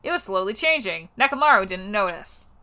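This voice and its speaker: A woman's voice: mid-range voice, sing-song, brisk, sharp tone. A young woman on a livestream reading a fanfiction aloud for laughs, stumbling over words and breaking off into exasperated, cursing asides. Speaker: streamer.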